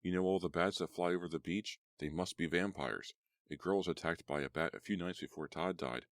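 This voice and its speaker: A man reading as an anxious teenage boy who pleads quickly and insistently in a horror audiobook. The voice is very low and dry, close to the mic. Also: no room sound, natural voice. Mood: urgent. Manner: urgent, rapid pleading. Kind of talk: audiobook character voice.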